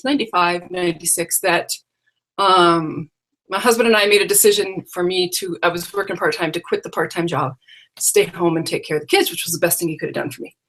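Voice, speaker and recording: A woman's voice: medium pitch, pushed and bright. A middle-aged woman hosting a live stream on her computer, talking in a chatty, rambling way and often correcting herself. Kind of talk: casual live-stream chat. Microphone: computer microphone.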